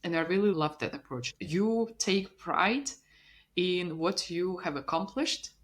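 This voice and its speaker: Female co-host, Russian accent, somewhat low voice, calm and thoughtful. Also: measured pace. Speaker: podcast co-host. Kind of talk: casual podcast chat.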